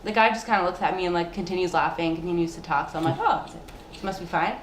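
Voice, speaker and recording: A woman's voice: fairly low pitch, racing, reverberant, a little hiss or hum, low-quality recording. A young woman co-hosting a casual podcast chat, telling a story with frequent laughter. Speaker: podcast co-host.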